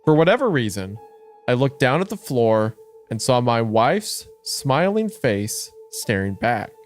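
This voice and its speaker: Laughing, animated male podcast host. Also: measured pace, soft background music. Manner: animated, laughs often, reads narration in a lower hushed tone. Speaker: podcast co-host reading a story. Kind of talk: casual horror podcast chat with story reading.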